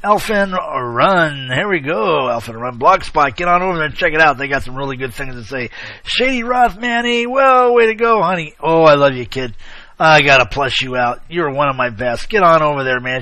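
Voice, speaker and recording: Chatty male online show host, bright tone. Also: medium pitch, moderate pace, no echo. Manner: rambling, chummy, sarcastic asides, frequent shout-outs. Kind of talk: casual chat, rambling commentary.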